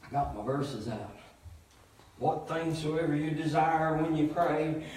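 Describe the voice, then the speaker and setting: A pastor preaching, telling a story with loud emphatic shouts and low, quiet asides. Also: male voice, steady tone, unhurried. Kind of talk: sermon storytelling. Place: church. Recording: echoey church hall from far off.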